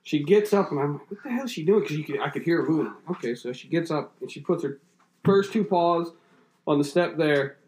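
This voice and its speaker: Excitable, swearing man telling stories. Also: fairly high pitch, a little fast, reverberant, a little hiss or hum. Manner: excitable storyteller, swearing and laughing. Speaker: podcast co-host. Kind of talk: casual chat.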